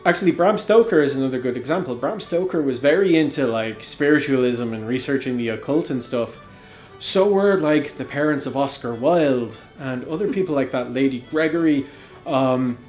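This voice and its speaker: A man's voice: medium pitch, animated, normal speed, a little mellow. Irish man explaining folklore, roomy echo. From Ireland. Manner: rambling, enthusiastic, filler-heavy. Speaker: guest folklore enthusiast. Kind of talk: casual chat, explaining. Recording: echoey room with faint music.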